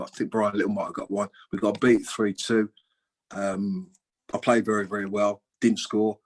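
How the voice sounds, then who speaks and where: Husky-voiced man in his sixties telling stories. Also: on the low side, poor audio. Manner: chatty anecdotes, acts out quoted dialogue, swears freely. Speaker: guest, former footballer. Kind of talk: casual storytelling interview.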